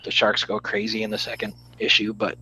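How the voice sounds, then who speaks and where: A man's voice: on the low side, monotone, a little fast, bright, forceful tone, slight background noise, poor audio. A man casually reviewing a comic on a live stream, blunt and rambling, swearing freely.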